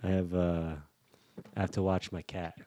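A man's voice: low-pitched, little pitch movement, moderate pace, dark tone, lo-fi sound, a little hiss or hum. A man co-hosting a podcast in casual chat, often stammering and turning dryly mock-serious. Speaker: podcast co-host.

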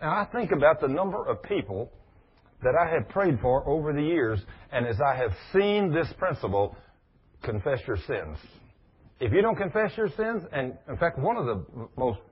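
A man preaches with a husky, slightly high voice that rises and falls with lots of life. He addresses people in the room as he talks, and the recording sounds dull and lo-fi. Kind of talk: sermon.

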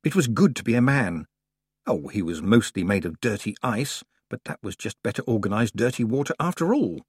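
A man narrating an audiobook in an expressive, playful storytelling manner. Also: on the low side, moderate pace, slightly rough, no echo, clean studio sound.

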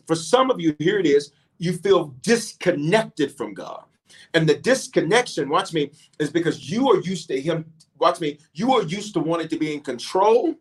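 A man leading an online prayer service, preaching fervently with repeated call-outs to his listeners. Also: a little high. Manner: fervent, repetitive, calls out "watch me" and "y'all". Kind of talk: preaching and praying to an online audience.

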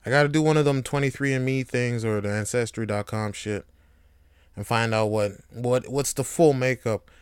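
A man's voice: mid-range voice, moderate pace, clean tone, no room sound, clean studio sound. A man hosting a casual solo podcast monologue, joking, swearing and laughing often. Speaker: podcast host.

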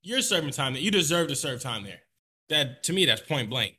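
A man's voice: mid-range voice, expressive, brisk, bright, forceful tone. A man co-hosting a casual podcast, giving blunt, profane opinions and repeating points for emphasis. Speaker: podcast co-host.

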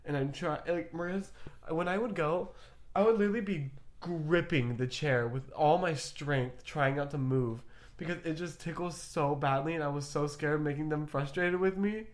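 A man's voice: on the high side, moderate pace. A young man co-hosting a podcast in casual chat, laughing often, swearing and rambling through stories. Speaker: podcast co-host.

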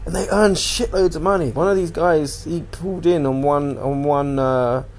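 A man's voice: fairly high pitch, normal speed, darkish tone. A man hosting a casual solo podcast, rambling and swearing as he animatedly retells what he watched on TV. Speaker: podcast host.

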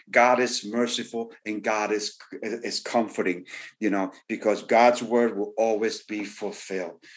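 A man preaching a sermon, repeating key phrases for emphasis and often saying "you know.". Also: mid-range voice. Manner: frequent "you know" fillers. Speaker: pastor.

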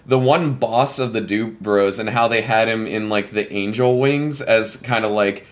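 A man's voice: fairly low pitch, unhurried. A man talking as a podcast guest, hesitant, filling with many likes and uhs. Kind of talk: casual podcast chat.

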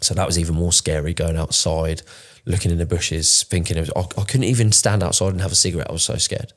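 A man's voice: low-pitched, fairly even intonation, fast talker, fairly bright tone. A man, telling his own story in a candid, emotional podcast chat, swearing often and restarting his sentences. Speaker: podcast co-host.

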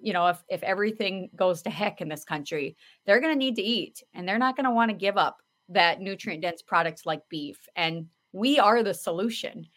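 Earnest, animated woman podcast host. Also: mid-range voice, normal speed, few pauses. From South Dakota. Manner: earnest, animated storyteller with lots of fillers. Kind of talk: casual conversational talk.

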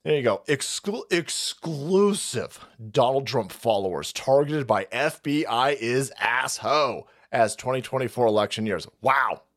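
A man's voice: medium pitch, unhurried, hardly any pauses. Man ranting profanely on a livestream. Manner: profane, animated, laughing rants. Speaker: livestream host. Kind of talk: ranting political commentary.

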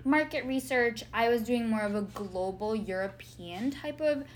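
A woman's voice: fairly high pitch, unhurried, a little hiss or hum. A young woman co-hosting a casual podcast, joking along in a playful, dry sarcastic way. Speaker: podcast co-host.

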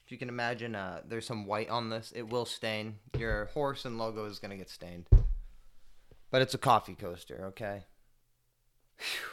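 On his own podcast, a man talks casually by himself, his voice on the low side and his pace moderate. He rambles through stories with plenty of profanity, staying laid-back apart from mumbled asides and abrupt loud outbursts.

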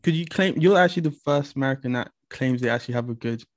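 A woman's voice: rumbling low, fast talker. A woman from London with a London accent, a guest chatting casually and teasing with dry humor. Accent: London English. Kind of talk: casual chat.

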